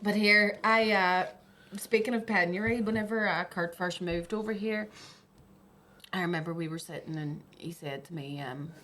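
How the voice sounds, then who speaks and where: A woman's voice: on the low side, normal speed, pushed and bright, slight background noise. A woman, hosting a casual podcast chat and telling stories with plenty of swearing. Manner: swearing, storytelling, laughs often. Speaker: podcast host.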